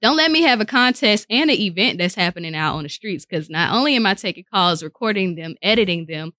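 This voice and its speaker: A woman radio personality speaks fast at a medium pitch in a casual studio interview with a dry sound. She tells stories animatedly, acting out the voices of the people she quotes.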